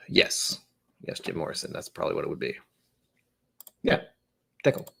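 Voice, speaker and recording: A man's voice: a bass voice, sing-song, normal speed, vocal fry, a bit bright, husky. A man hosting a casual whiskey tasting livestream, thinking aloud and correcting himself as he goes.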